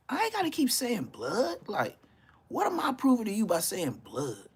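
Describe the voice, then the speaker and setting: A man in his fifties from Los Angeles with an LA accent, roasting people on a YouTube live stream in loud, mocking street talk, laughing often and jumping into high-pitched bursts. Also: wildly swooping pitch, normal speed, husky. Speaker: YouTube commentator.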